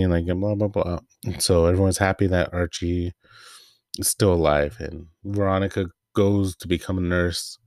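A man's voice: sits low, steady tone, moderate pace, no room sound, studio quality. A man hosting a casual comic review, rambling with fillers and trailing asides, his voice wearing out. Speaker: host.

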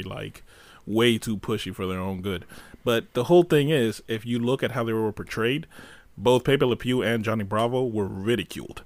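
A man's voice: lowish voice, fairly bright tone, dry recording. A man co-hosting a casual podcast, arguing his point thoughtfully with many fillers. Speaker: podcast co-host.

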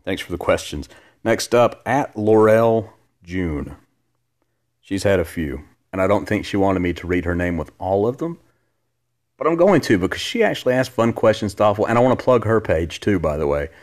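A man's voice: on the low side, expressive, normal speed, darkish tone. A man hosting a casual podcast from his living room, joking and rambling as he answers listener questions. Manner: joking, rambling, self-deprecating. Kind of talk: casual chat.

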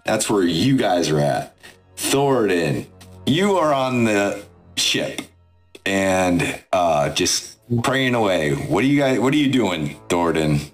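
Slow, relaxed low-voiced game master man. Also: soft background music. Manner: relaxed, halting, many restarts. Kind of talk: narrating a tabletop game.

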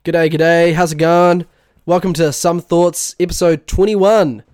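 A man's voice: a little high, steady tone, unhurried, a little mellow, smooth, dry recording, clean studio sound. A young man with a New Zealand accent co-hosting a podcast, congested and nasal, chatting loosely and laughing often. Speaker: podcast co-host. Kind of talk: casual podcast banter.

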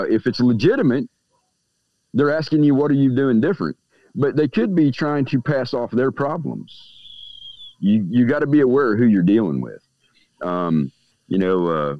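Animated man on a dull, dry line. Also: lowish voice, dry recording. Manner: acts out quoted people in lively voices; smokes a cigar while talking. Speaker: guest speaking on magick. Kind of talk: casual podcast conversation.

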